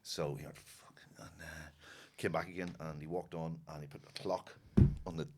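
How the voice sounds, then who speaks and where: A man, a comedian, chatting casually on a podcast and telling dry, low-key anecdotes. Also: steady tone, normal speed, heavy background noise.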